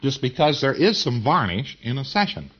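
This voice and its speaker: Male lecturer, mid-pitched, folksy and emphatic, on a muffled lo-fi recording. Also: big pitch swings, moderate pace, a bit bright, slightly rough. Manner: folksy and emphatic, with slang and repetition. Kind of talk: informal lecture.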